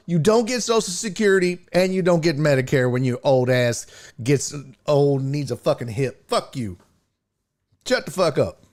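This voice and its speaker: A man hosting a live sports talk stream, ranting angrily and cursing, swinging between near-shouts and low mutters. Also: lively intonation, moderate pace.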